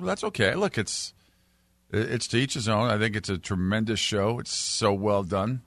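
Emphatic radio co-host, bright voice. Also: male voice, fairly low pitch, normal speed, no room sound. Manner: emphatic, argues firmly, reads listener texts. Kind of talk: casual sports radio chat.

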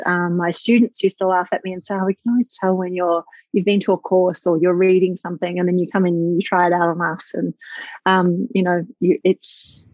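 A woman's voice: on the low side, a little mellow, dry recording. A woman, a business owner talking reflectively and with enthusiasm in a conversational interview, with many fillers. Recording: slightly dull lo-fi audio.

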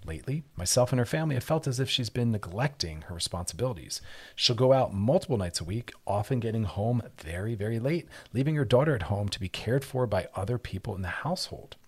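Husky-voiced male radio advice host. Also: on the low side, lively intonation, fast, a little mellow. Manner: earnest and explanatory, often acting out little quoted exchanges. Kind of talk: casual advice talk on radio.

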